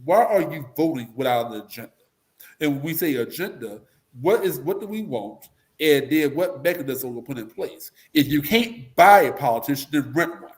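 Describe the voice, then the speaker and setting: A man with a fairly high voice talks politics in a blunt, animated way, and now and then breaks into mocking voices to make a point. He speaks as a guest in a casual interview. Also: moderate pace.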